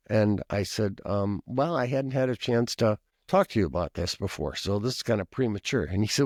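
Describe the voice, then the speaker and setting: A man's voice: on the low side, expressive, normal speed, hardly any pauses, no room sound, studio quality. A man from Minnesota, a pastor and professor, telling a long personal story in a rambling, conversational way with asides and frequent coughs. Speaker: pastor and professor, podcast guest.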